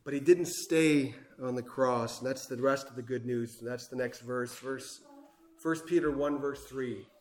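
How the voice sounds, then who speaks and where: A man preaching a sermon with passion, swinging between loud emphasis and hushed asides. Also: medium pitch, steady tone, measured pace, reverberant.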